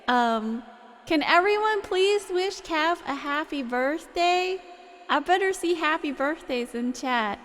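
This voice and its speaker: A woman's voice: high-pitched, lively intonation, slow, fairly bright tone. A woman live streamer chatting casually with her viewers in a bubbly, rambling way, thanking people in chat.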